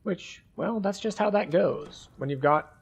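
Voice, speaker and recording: A man's voice: high voice, lively intonation, unhurried, vocal fry, husky. A man streaming a game, giving casual, chatty and analytic commentary with frequent likes.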